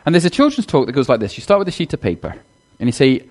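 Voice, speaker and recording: In a church, a minister preaches to his congregation in a chatty, direct way, delivering a sermon that includes a children's talk. He speaks rapid-fire, his pitch swinging widely as it rises and falls with each point.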